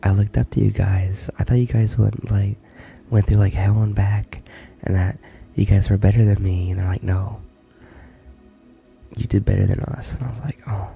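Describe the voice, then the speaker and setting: This is a whispered role-play stream. A young man speaks in a hushed, gravelly whisper with a deep, dark tone. He talks close to the mic, and faint music plays underneath. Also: flat delivery, highs cut off. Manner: soft whispered talk, halting and rambling. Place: army barracks room.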